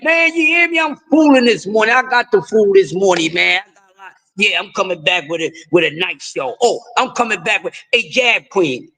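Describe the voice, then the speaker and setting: On a casual live stream, a middle-aged man from the US East Coast talks sports in a raspy, bright-edged voice that sits high in his range. He rambles loosely and jokily, doubling back on his words, and the recording is low quality.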